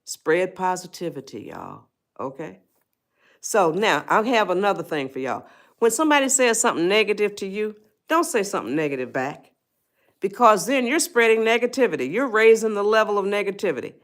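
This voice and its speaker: A woman's voice: medium pitch, sing-song, brisk. A middle-aged woman, hosting a casual motivational livestream and talking straight to her viewers in a folksy way. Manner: folksy, talks straight to viewers, answers chat. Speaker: livestream host giving life advice.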